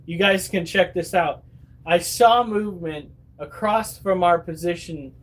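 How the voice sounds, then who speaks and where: Chatty high-voiced man telling stories. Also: measured pace. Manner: chatty, swears freely, acts out quotes. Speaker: vlogger. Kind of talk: casual storytelling to viewers. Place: at home.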